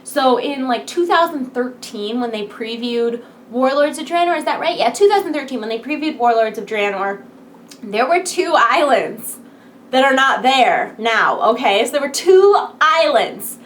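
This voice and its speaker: A woman vlogger talks casually to her viewers in a fairly high voice, peppy and rambling, with frequent giggles. She sounds wired on coffee in the small hours. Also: expressive, moderate pace, fairly bright tone, a little hiss or hum. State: wired on coffee late at night. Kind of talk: casual chat to camera.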